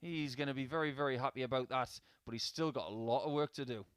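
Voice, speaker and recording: A man's voice: mid-range voice, fast talker, clear, resonant tone, no echo. A man giving live darts commentary in a chatty, upbeat way with small personal asides.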